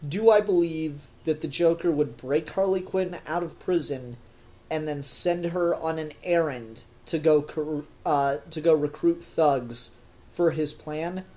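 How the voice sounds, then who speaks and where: A man co-hosting a casual podcast film review, talking with animated energy, laughing often and swearing casually. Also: a little high, measured pace. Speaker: podcast co-host.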